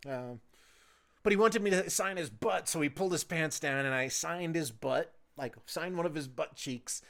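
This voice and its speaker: Man in his 40s, somewhat higher voice, rambling solo podcast host, casual and crude storyteller. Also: moderate pace, creaky, fairly bright tone. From United States. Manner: loose, profane, chatty storytelling.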